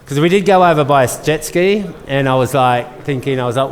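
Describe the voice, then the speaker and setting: A man's voice: mid-range voice, fairly quick. A man in his fifties with an Australian accent, telling a story casually with many fillers and restarts. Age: 50s. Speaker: guest storyteller. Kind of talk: casual storytelling at a live event. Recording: long hall reverb.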